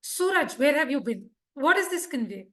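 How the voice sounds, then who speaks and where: A woman with a husky voice, giving a lively instructional talk to a speaking club and checking in with her audience often. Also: high voice, normal speed. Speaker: Toastmasters speaker teaching speech craft.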